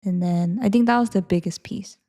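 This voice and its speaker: A woman co-hosting a casual couple's podcast, soft-spoken and often trailing off into whispers. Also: medium pitch, brisk. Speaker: podcast co-host.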